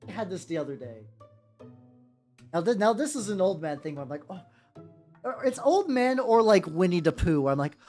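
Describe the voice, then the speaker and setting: A man's voice: high-pitched, sing-song, brisk, a little mellow. A man chatting casually on a live stream while painting miniatures, rambling, joking and swearing as he talks to viewers. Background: faint background music.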